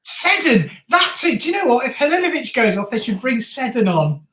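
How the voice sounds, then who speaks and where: A woman with a very lively, up-and-down voice, heard in a roomy, echoey space. She chats and laughs through a football reaction stream, shouting at the big moments. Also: high-pitched, fairly quick. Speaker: stream co-host. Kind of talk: casual football watch-along chat. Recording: roomy echo.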